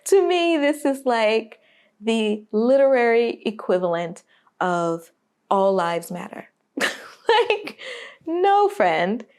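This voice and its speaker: A woman's voice: fairly high pitch, darkish tone. A woman delivering a video essay in an emphatic, sarcastic way, full of rhetorical questions. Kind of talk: animated video essay commentary.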